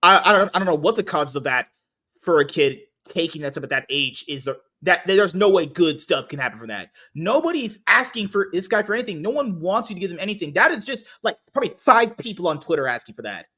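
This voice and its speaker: Guy ranting on a podcast, swears a lot, bright sharp voice that swings all over. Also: high-pitched, sing-song, fast talker. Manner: angry, profane, ranting. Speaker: podcast host. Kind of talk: heated commentary chat.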